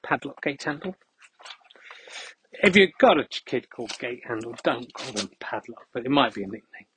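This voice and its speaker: A man hosting a podcast, rambling through a deadpan comic monologue outdoors while walking. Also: mid-range voice, brisk, a little hiss or hum, rough recording. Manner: deadpan, absurd asides. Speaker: podcast host. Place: outdoors on a dog walk.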